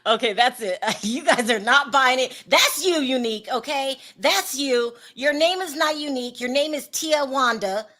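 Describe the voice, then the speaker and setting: A sassy woman commentator speaks high and bright. She calls people out bluntly and plays to her audience. Her delivery is informal and unfiltered. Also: normal speed, hardly any pauses. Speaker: commentary channel host. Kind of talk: opinionated gossip commentary.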